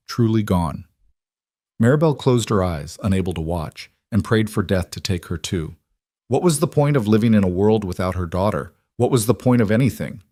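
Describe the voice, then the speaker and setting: A man's voice: on the low side, a little mellow, no echo, clean studio sound. A man reading a dramatic story in a scripted narration style.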